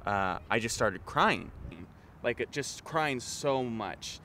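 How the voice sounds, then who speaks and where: A man's voice: medium pitch, animated, takes it slowly, pushed and bright, slight background noise. A man telling a self-mocking childhood story in casual chat.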